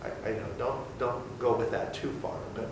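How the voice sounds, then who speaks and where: A man leading an interactive Bible study for a small group, teaching in an animated, theatrical way. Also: medium pitch, normal speed, background noise. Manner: animated and theatrical, acting out voices. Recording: echoey room from far off.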